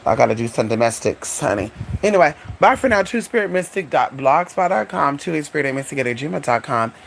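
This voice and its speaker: A man's voice: fairly high pitch, animated, brisk, vocal fry, fairly bright tone, slight background noise. A sassy, flamboyant man hosts a casual live stream with a slightly raised voice. He rambles to his unseen viewers and keeps calling them honey and girl. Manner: rambling, talks back to an unseen audience. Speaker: channel host.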